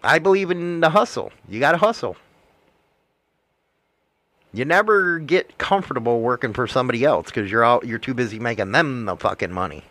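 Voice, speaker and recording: A man's voice: mid-range voice, lively intonation, moderate pace, fairly bright tone, dry recording. A man in casual chat, ranting bluntly and swearing constantly. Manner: blunt, heavily profane ranting.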